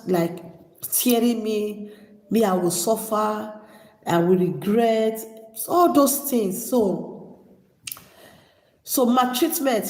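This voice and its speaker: A Nigerian woman vlogger telling her personal story, emotional and halting, holding back tears. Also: medium pitch, mellow. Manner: emotional, halting, many restarts. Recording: echoey hall with long reverb.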